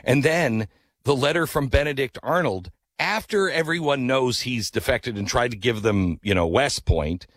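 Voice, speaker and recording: A man hosting a talk radio show, telling a story in a casual, animated way and rising into incredulous outbursts. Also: medium pitch, moderate pace, no echo.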